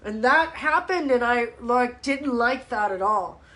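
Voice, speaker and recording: Woman, fitness coach, high bright voice, blunt, opinionated, live chat. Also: measured pace. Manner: blunt, opinionated, animated rant with swearing. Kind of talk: live ask-me-anything chat. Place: home, livestream. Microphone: webcam or phone mic.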